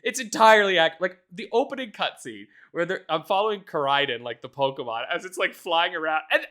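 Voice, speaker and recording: A podcast co-host in casual chat, ranting with plenty of swearing and laughter. The voice swoops up and down a lot. The tone is bright and forward. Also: medium pitch, brisk. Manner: animated, profane ranting with frequent laughs.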